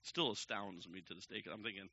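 A man telling a long personal story to a crowd from the pulpit, acting out each quoted person with sudden jumps in pitch and loudness. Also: fast, vocal fry, slight background noise. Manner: animated, acts out the quoted people with big jumps in pitch and loudness. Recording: dull lo-fi recording.

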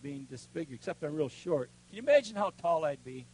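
An older man preaching, telling a personal story in a folksy way, dropping to a hush and then rising loud. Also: on the high side, big pitch swings, a little fast, slight background noise, rough recording. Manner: folksy storytelling with strong swings between hushed and loud. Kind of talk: sermon with personal testimony.

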